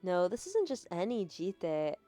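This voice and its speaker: A woman's voice: on the low side, very animated, unhurried, mellow. A woman streamer casually live-translating a game, with chatty, laughing asides. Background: game music.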